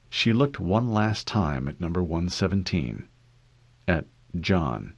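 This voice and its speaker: Brief: male narrator, low voice, animated pitch, reads prose expressively. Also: slow, husky, no echo, lo-fi sound. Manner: expressive reading with lively pitch. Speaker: audiobook reader. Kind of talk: fan audiobook narration.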